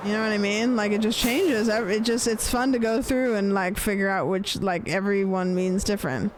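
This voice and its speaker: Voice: medium pitch, fairly even intonation, moderate pace, few pauses, background noise. A streamer chatting casually while gaming, rambling and swearing, playfully repeating phrases with different stress.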